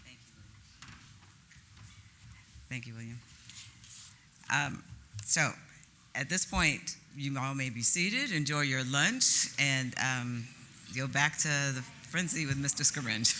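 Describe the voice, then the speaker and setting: A man's voice: on the high side, sharp tone, slight background noise. A man presiding over a club meeting, making announcements in a hesitant way with many fillers.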